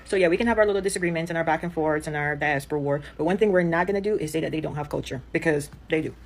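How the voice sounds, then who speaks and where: A woman speaking warmly and enthusiastically in casual commentary, with lots of "like". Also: sits low, rapid-fire. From Jamaica. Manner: warm, enthusiastic, uses fillers like "like".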